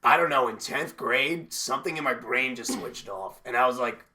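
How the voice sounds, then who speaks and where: A man's voice: mid-range voice, moderate pace, a crowd in the background. A young man hosting a podcast, joking crudely and laughing a lot in casual chat. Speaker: podcast host.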